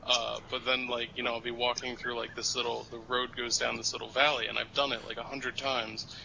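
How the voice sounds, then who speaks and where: A man co-hosting a gaming podcast, telling a rambling, laid-back anecdote with soft laughs. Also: medium pitch, level tone, brisk, vocal fry, dull audio, crowd noise. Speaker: podcast co-host. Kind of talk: casual gaming podcast chat.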